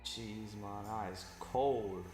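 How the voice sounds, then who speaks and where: A man's voice: lowish voice, slow pace, a little mellow, faint music behind. A young man in casual chat, enthusiastic and repeating himself a lot.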